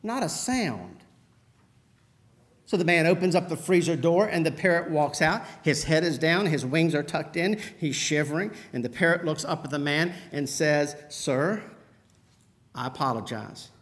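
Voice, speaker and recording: High-voiced man preaching. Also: moderate pace, a bit bright. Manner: storytelling, conversational preaching. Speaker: pastor. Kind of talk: sermon.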